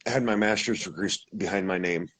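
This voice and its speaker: Low husky guy rambling through a story, lots of asides, from montana. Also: brisk, fairly bright tone, poor audio. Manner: rambling, with many asides and self-corrections. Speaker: guest telling an encounter story. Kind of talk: casual storytelling.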